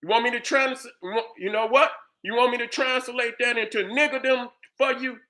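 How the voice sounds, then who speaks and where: A man's voice: extremely high pitch, animated, moderate pace, pushed and bright. A man hosting a heated commentary rant, angry and profane, firing off rhetorical questions. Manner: repeats "you understand what I'm saying". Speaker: host commentator.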